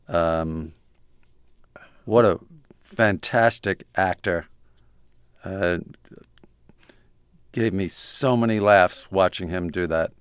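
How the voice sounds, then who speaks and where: A man, an interview guest and comedy writer, telling halting anecdotes with laughs between lines. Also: deep voice, fairly bright tone, clean tone, dry recording, studio quality.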